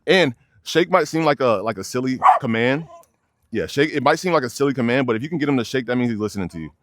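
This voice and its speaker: A man's voice: mid-range voice, expressive, fast, no echo. A young man, a dog trainer, explaining leash work casually outdoors and addressing viewers as y'all. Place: outdoors by a fence near many dogs.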